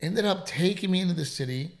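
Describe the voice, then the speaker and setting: A man's voice: high-pitched, fairly quick, vocal fry. A man, a comedian, chatting casually on a podcast and telling a story with emphatic, swearing delivery while sounding congested. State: congested, sick.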